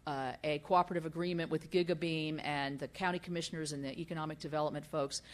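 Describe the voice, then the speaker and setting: An older woman with a low voice gives a speech at a business summit as a senator. She tells her stories in a folksy way, with many fillers and restarts. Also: fairly even intonation, fast.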